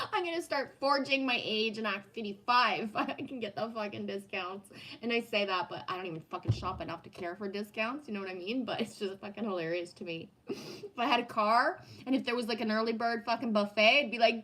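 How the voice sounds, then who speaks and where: A woman's voice: fairly high pitch, moderate pace, a bit bright, low-quality recording. A woman in her fifties chatting casually on a live stream, swearing freely, laughing often and reading viewer comments aloud. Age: 50s. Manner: profane, laughs often, reads chat aloud.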